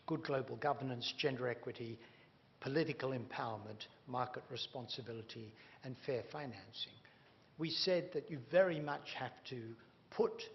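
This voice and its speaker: A man's voice: mid-range voice, creaky. A man giving a public lecture, emphatic and wry, leaning hard on key words. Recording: dull reverberant hall recording with faint hum.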